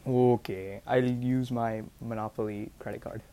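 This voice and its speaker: A man's voice: mid-range voice, steady tone, unhurried, warm tone, slight background noise. Teen boy, playful co-host, casual filler-laden chat, call mic. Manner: playful, teasing, filler-heavy.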